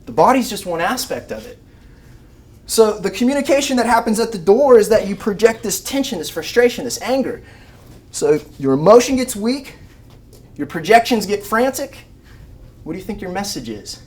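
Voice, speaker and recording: A man, an animal behavior trainer giving a lively live talk to rescue volunteers and acting out everyday scenes. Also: high-pitched, moderate pace. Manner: animated, acts out scenes with shouted mock voices.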